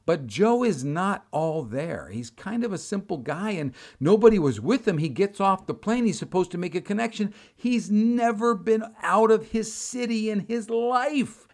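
Middle-aged man, preacher, storytelling sermon, animated, dramatic, somewhat high voice, wide pitch swings.

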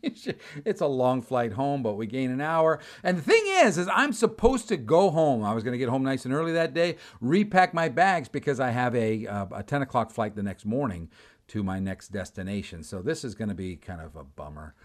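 A man preaching, telling a personal story with animated delivery, acting out the dialogue and repeating words. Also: medium pitch, normal speed. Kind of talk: storytelling sermon.

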